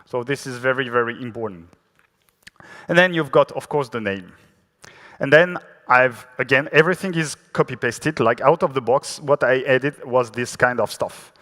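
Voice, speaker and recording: This French-accented man has a mid-range voice that sounds pushed and bright, moving at a moderate pace. Giving a technical talk in a large conference hall with long reverb, he keeps it chatty and self-deprecating, often restarting and using fillers.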